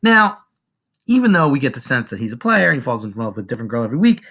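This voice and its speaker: A man's voice: medium pitch, racing. A man explaining a classic play to a class in a casual, slangy way, jumping in and out of voices for the characters. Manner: animated and slangy, acts out lines.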